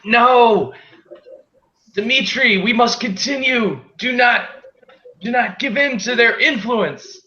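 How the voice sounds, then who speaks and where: Shrill fanatical laborers, far above the man's own voice, dull echoey room. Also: slow, bright, forceful tone, full character voice. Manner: shrill, urgent. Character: fanatical stubborn male laborers.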